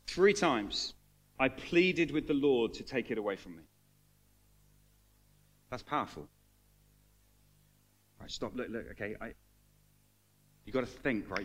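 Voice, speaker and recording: Animated preacher, man. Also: mid-range voice. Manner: animated, swings from hushed to loud, acts out quoted voices. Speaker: pastor. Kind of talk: sermon.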